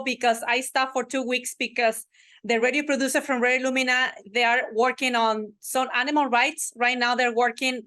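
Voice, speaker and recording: A woman's voice: fairly high pitch, bright, forceful tone. Effusive woman podcast host, many restarts. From Mexican family, works from the United Kingdom audience side. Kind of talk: casual interview chat.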